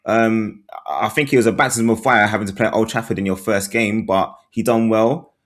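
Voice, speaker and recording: A man's voice: fairly low pitch, fairly even intonation, fairly quick. A man, co-hosting a football podcast in casual chat, earnest, with plenty of ums. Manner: earnest, fillers, talks it through. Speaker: podcast co-host, football fan.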